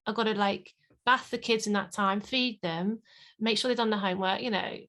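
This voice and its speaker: A woman's voice: medium pitch, fairly even intonation, moderate pace, fairly bright tone. A woman, a play and parenting consultant, talking animatedly in an interview and acting out parents and children. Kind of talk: podcast interview.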